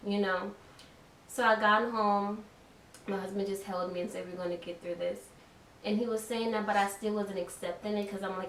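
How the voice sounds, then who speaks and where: Soft-spoken young woman, distant and echoey. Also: mid-range voice, steady tone, moderate pace. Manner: soft-spoken, reflective, uses "like" often. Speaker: daughter giving her testimony. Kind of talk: personal testimony chat. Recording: echoey room, distant mic, faint hiss.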